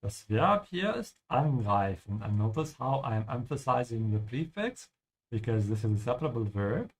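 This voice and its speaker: A man's voice: medium pitch, sing-song, normal speed, breathy edge. A man teaching German while playing a game, explaining patiently and ending his points with "yeah?". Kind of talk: language lesson over gameplay.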